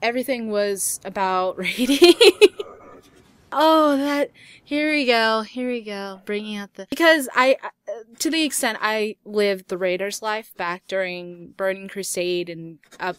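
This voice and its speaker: A woman's voice: medium pitch, a little slow, clear, resonant tone, no room sound. A young woman hosting a casual gaming Q&A, reading viewer questions aloud and answering in a chatty way with frequent laughs. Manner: chatty, laughs often, swears lightly. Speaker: YouTube gaming host.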